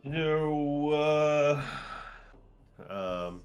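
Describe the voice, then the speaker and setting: A man's voice: a little high, expressive, clear, resonant tone, dull audio. A man playing a tabletop game, hesitant and full of ums as he decides what to do. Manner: slow, hesitant with many ums. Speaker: player. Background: faint background music.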